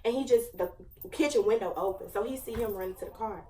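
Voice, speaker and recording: A woman's voice: fairly high pitch, fast talker, warm tone, recorded from a distance, a little hiss or hum. A young woman in her late teens, casually telling a dramatic storytime with lots of slang and fillers. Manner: chatty, slangy, dramatic retelling. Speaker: vlogger.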